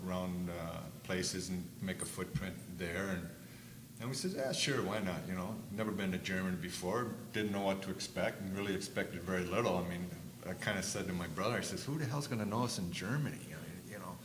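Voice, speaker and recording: Older male panelist, low-pitched storyteller, loud quoted voices, echoey stage sound. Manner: animated storyteller, acts out quotes loudly. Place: conference stage. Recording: echoey room with faint noise.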